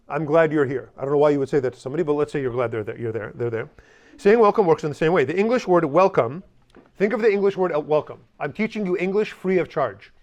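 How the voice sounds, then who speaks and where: A man's voice: fairly high pitch, a little mellow. Upbeat man teaching a language class. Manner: joking asides, drills the class with repeat-after-me.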